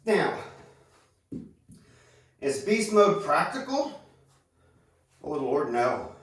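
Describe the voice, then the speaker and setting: A man's voice: on the high side, sing-song, a bit bright, a little hiss or hum. A man giving a casual golf lesson in an easygoing way, talking while he hits balls on the range. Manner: easygoing, unhurried, talks while hitting balls. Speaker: golf instructor. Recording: echoey sound from far off.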